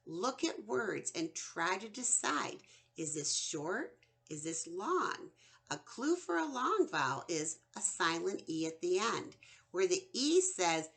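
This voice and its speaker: A woman teaching a children's phonics lesson, sounding out vowels slowly and with exaggeration. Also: lowish voice, big pitch swings, vocal fry, fairly bright tone.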